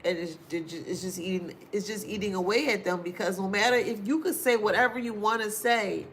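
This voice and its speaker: There's slight background noise as a woman of medium pitch gives a casual spiritual reading to viewers. The astrology or tarot reader chats informally, repeating phrases for emphasis, with frequent laughs and drawn-out asides.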